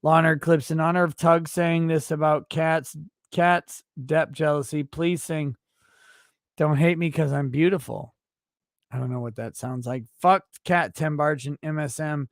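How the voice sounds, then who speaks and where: In crude, comedic livestream banter, the host reads viewer super chats out loud and answers with brash, mock-indignant, profanity-laced rants. His slightly high voice keeps a steady tone at a moderate pace, captured as a dry, studio-quality recording.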